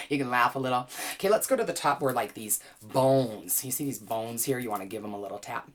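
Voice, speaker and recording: Deep-voiced woman leading a chill wellness class, playful and chatty, voice swings all over. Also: lively intonation, quick pace. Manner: gentle, encouraging, walks listeners through exercises; playful, chatty, laughs easily. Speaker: wellness teacher and author. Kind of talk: guided well-being class.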